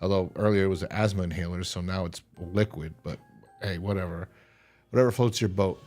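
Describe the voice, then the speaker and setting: A man co-hosting a podcast, casually recapping a horror episode with lots of restarts and sudden loud mock voices. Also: deep voice, fairly even intonation, a little fast, soft background music. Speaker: podcast co-host.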